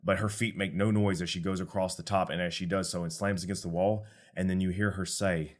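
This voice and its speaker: A man narrating as game master of a tabletop game, relaxed and descriptive. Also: deep voice, brisk, hardly any pauses.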